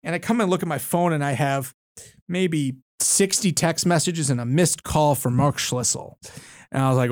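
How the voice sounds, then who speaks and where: In a clean, echo-free studio recording, a fairly high-pitched man in his thirties speaks at a moderate pace. He's a lawyer and university board chair appearing as a guest, telling a story casually with frequent fillers and restarts.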